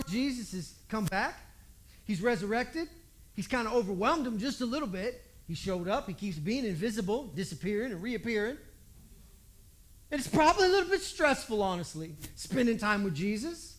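A male preacher tells a story in a relaxed, folksy sermon. He acts out the people in it with lively voices. His voice sits high for a man.

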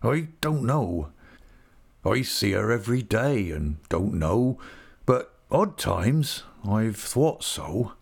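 Man playing an old fisherman, gravelly, husky, gentle and sorrowful, slow homely storytelling, audiobook. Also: lowish voice, very animated, full character voice. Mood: wistful. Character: weathered older male fisherman, gentle and sorrowful. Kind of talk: audiobook character reading.

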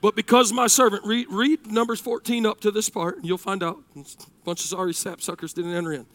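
A man, preaching a sermon that swings between shouted passages and hushed storytelling. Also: high-pitched, steady tone, fairly quick, no echo.

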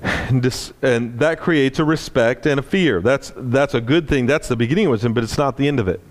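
A man preaching a sermon, telling a personal story in an earnest way and dropping low and soft at tender moments. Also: a little fast.

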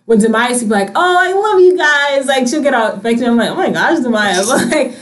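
A woman's voice: fairly high pitch, fast talker. A young woman in a casual group conversation, telling stories animatedly, acting out what her family says and laughing often. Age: young adult. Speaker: discussion participant.

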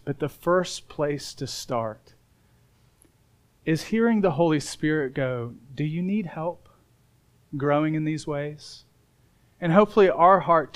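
A middle-aged pastor from Indiana with a high voice preaches a sermon built around a personal story. He alternates loud, emphatic moments with quiet, earnest asides.

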